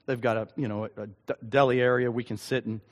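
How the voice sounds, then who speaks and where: Male pastor, earnest sermon, halting speech with ums, middle-pitched voice, long hall reverb. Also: fairly even intonation. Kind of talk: sermon with personal story.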